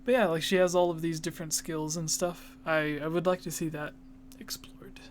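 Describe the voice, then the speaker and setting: A podcast host in relaxed casual chat, leading the talk and reading listener questions aloud. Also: medium pitch, moderate pace, slight background noise.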